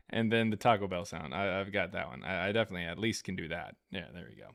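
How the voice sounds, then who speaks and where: A man's voice: low voice, creaky, fairly bright tone, dry recording, studio quality. A man hosting a live stream, reading super chats in a casual, jokey, rambling way with many fillers.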